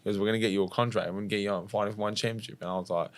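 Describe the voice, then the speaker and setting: Fast-talking Australian young man. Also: lowish voice, no room sound. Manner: rapid, animated storytelling with acted-out quotes and swearing. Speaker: podcast guest, martial arts fighter. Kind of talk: casual storytelling interview.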